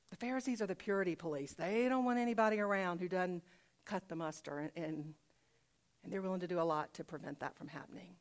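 A woman's voice: fairly low pitch, quick pace. A woman pastor preaching a sermon conversationally, asking rhetorical questions and repeating phrases for emphasis.

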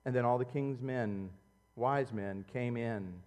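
A middle-aged male pastor delivering an animated sermon, his voice rising to loud emphatic peaks and then dropping low and close. The sound carries a long reverb, as if heard in a large church hall through a stage microphone. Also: slow. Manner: animated preaching, swinging between loud outbursts and quiet, low intimacy.

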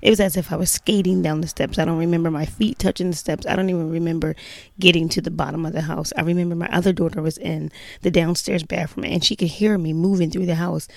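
A woman with a low, gravelly voice tells a personal story in a loose, chatty way. She leans on emphasis and sprinkles in plenty of "you know"s. The sound is dry and close, with no room around it. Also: fairly even intonation, quick pace, a little mellow, no room sound. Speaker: mother telling a personal story.

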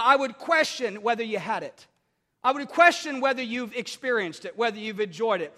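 A man's voice: very high-pitched, big-room sound. A man preaching a sermon as pastor, telling stories with lots of restarts and repeated words. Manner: animated storytelling with many restarts.

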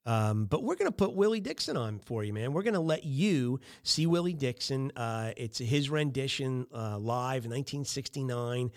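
A man's voice: mid-range voice, expressive, normal speed, few pauses. A middle-aged man hosting a podcast, giving casual coaching on small talk with lots of fillers and acted-out sample chats. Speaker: podcast host.

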